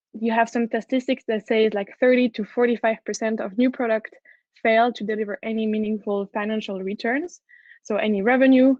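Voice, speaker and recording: Speaking with a French accent, a woman who heads product gives an enthusiastic, earnest conference talk and keeps restarting her sentences. Her voice is medium in pitch with a darkish tone, captured in a dull, dry, lo-fi recording.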